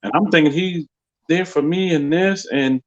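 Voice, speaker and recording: A man hosting a casual podcast chat, telling a wild story with lively jumps in his voice when he quotes people. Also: normal speed, dull audio, slight background noise. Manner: animated storyteller, jumps high when quoting others. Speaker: podcast host.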